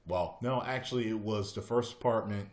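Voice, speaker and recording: Brief: a low-voiced male streamer, loose and conversational, wanders through stories. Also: normal speed. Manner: rambling anecdotal storytelling. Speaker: host. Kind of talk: casual live-stream chat.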